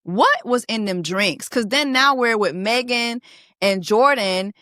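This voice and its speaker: A woman casually recapping a reality show, animated, profane and laughing as she goes. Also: a little high, measured pace, no echo, clean studio sound. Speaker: reaction vlogger.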